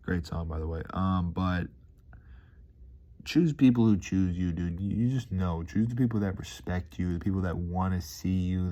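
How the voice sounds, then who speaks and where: Laid-back low-voiced man rambling. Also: mellow. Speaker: vlogger. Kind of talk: casual motivational monologue.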